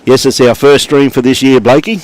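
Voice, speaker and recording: A middle-aged Australian man doing relaxed live commentary on lawn bowls, chatting and greeting viewers by name. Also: mid-range voice, fairly quick.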